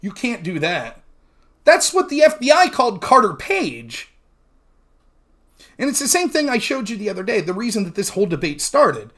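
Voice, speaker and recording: A male talk show host walks through an old debate, arguing his case hard and with emphasis. His pitch rises and falls a lot as he pushes each point. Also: sing-song, normal speed, a bit bright. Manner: argumentative, mimics opponents mid-sentence; profane and emphatic. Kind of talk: heated debate recap monologue.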